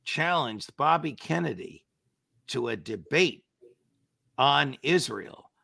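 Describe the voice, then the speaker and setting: A man's voice: mid-range voice, animated, takes it slowly, vocal fry, bright, forceful tone, dry recording, clean studio sound. A man addressed as judge, a guest in an interview, arguing in an indignant, lawyerly way, point by point. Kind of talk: political interview talk.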